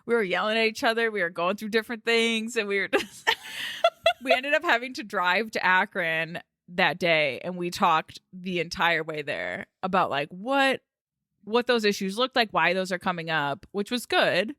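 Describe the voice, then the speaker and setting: A woman's voice: mid-range voice, expressive, moderate pace, sharp tone, dry recording, clean studio sound. A woman, co-hosting a podcast and telling a story in casual chat, swearing and laughing. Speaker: podcast co-host.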